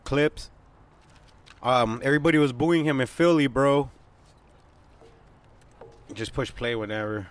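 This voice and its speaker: A man's voice: mid-range voice, unhurried, long pauses. A young man co-hosting a casual chat, talking loose and slangy with lots of cursing. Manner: profane, laid-back, slangy. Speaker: podcast co-host.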